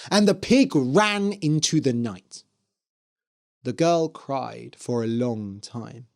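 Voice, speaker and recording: This is scripted narration aimed at English learners: a fairy tale read aloud at a slow pace. The mid-range voice stays clear and expressive throughout.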